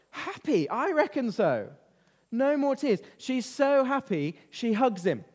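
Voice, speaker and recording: Man with a high voice, lively children's Bible lesson, long hall reverb. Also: slow, long pauses, husky. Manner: lively, quizzing children with questions. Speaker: children's talk leader.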